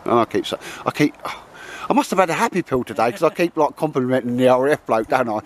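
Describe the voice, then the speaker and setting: A man's voice: medium pitch, animated, fast talker, slight background noise. A man hosting, in a rambling, matey casual chat outdoors in the woods. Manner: rambling and matey, always saying mate and sir. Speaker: host.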